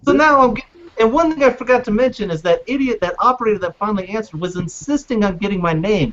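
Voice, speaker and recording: A man's voice: high voice, lively intonation, fast talker, a bit bright, slight background noise. A man hosting a casual podcast, ranting with exasperation and frequent swearing. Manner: profane, exasperated storytelling. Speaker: podcast host. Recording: dull lo-fi podcast audio.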